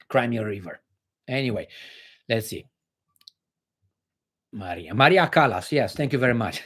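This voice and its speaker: A man from Romania with a Romanian accent, hosting a livestream and reacting to viewer chat in a blunt, sarcastic way with some swearing. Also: fairly high pitch. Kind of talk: casual livestream commentary.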